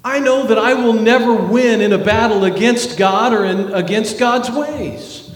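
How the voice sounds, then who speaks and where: Echoey hall reverb surrounds a pastor preaching in a church sanctuary. His voice sits high and his pace is measured, and he speaks earnestly, rising in emphasis before dramatic drops.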